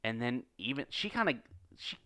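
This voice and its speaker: A man's voice: mid-range voice, very animated, moderate pace, pushed and bright, no room sound, studio quality. A man co-hosting a casual podcast, talking earnestly and with enthusiasm, often checking in with "right?". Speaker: podcast co-host. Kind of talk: casual analytical chat.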